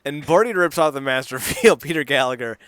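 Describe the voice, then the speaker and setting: A man's voice: on the high side, animated, quick pace, a bit bright, clear, resonant tone, dry recording, studio quality. A young man co-hosting a podcast in casual chat, spinning silly story beats and laughing along. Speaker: podcast co-host.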